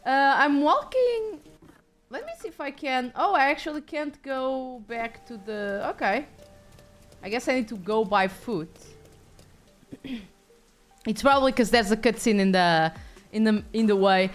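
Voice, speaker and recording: A woman's voice: on the high side, animated, unhurried, long pauses, faint music behind. A woman streaming a video game, chatting casually with viewers, rambling and swearing offhand.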